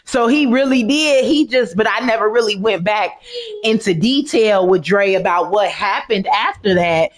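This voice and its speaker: Animated, foul-mouthed woman streamer. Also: medium pitch, normal speed. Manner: animated, profane, laughs at own jokes. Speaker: gaming streamer. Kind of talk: casual chat to a stream audience while gaming.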